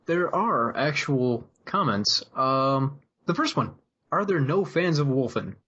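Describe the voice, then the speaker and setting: A man co-hosting a comedy podcast, reading movie quotes and comments in a dry, deadpan way. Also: medium pitch, slow, dull audio, background noise. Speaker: podcast co-host. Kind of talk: casual comedic chat, reading quotes aloud.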